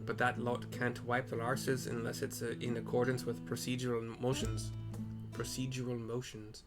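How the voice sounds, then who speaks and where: Gruff engineer, put on by a man with a mock Scottish pirate brogue, blunt and stumbling. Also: medium pitch, monotone, normal speed, over loud music, lightly acted. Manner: stumbling, repeating himself.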